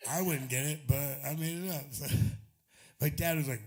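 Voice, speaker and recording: A man's voice: on the high side, moderate pace. A man musician chatting on a club stage between songs, rambling, swearing freely and chuckling at himself, recorded through a stage vocal mic. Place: small live music club, indoors.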